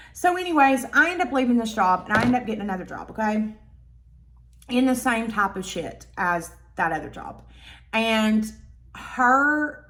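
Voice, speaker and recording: A woman telling a storytime vlog in a blunt, profane, animated way. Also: medium pitch. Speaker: vlogger.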